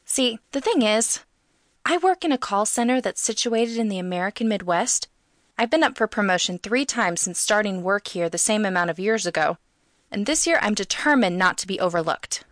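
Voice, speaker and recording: A woman narrating a first-person comic novel in a lively, expressive, wry way. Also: medium pitch, fairly quick, no echo, studio quality. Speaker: audiobook narrator.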